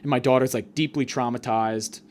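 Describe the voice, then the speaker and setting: A man hosting a podcast, rambling through a crude comedic monologue full of fillers and deadpan exaggeration. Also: medium pitch, normal speed, a little hiss or hum. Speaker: podcast host.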